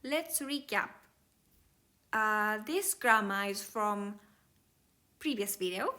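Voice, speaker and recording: A woman's voice: mid-range voice, animated, takes it slowly, sharp tone. A woman teaching Japanese grammar to learners, explaining each step carefully in plain, slightly non-native English.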